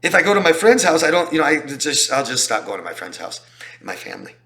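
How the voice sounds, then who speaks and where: A man's voice: fairly high pitch, very animated, quick pace, gravelly, fairly bright tone. A man talking as a relationship coach in a casual explanatory style, emphatic and repeating points for stress. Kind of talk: casual explanatory talk to camera.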